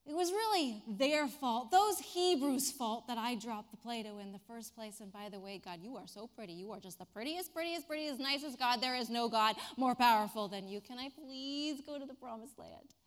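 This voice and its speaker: A woman voicing a wheedling, flattering old male prophet who begs and fawns. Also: on the high side, normal speed, few pauses, close to an everyday voice. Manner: fawning, pleading.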